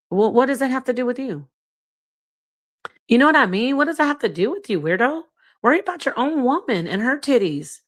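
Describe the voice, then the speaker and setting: Middle-aged woman host, blunt and sassy, reads chat with animated outbursts. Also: medium pitch. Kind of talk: livestream commentary reading chat.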